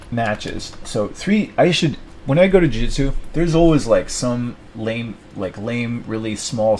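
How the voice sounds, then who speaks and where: A man's voice: lowish voice, darkish tone, slight background noise, rough recording. A young man thinking aloud at his desk, rambling and self-mocking as he plans his week. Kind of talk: rambling solo self-talk.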